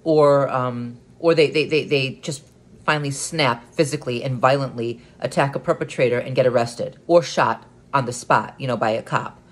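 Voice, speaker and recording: A vlogger with an ordinary mid-pitched voice gives a solo monologue, earnest but halting, repeating words as he restarts his thoughts. Gradually his delivery builds into firmer emphasis.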